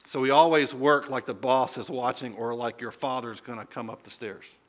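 A man's voice: mid-range voice, steady tone, moderate pace. A man preaching a sermon as a pastor, telling stories in a conversational way and asking the listeners questions.

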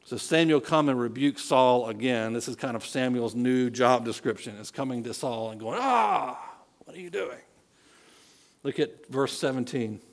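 A man's voice: mid-range voice, fairly even intonation, moderate pace, few pauses. A man in his thirties, a pastor, delivering a conversational sermon with personal stories and frequent check-ins with the congregation. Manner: conversational storytelling, frequent "okay?" and "right?".

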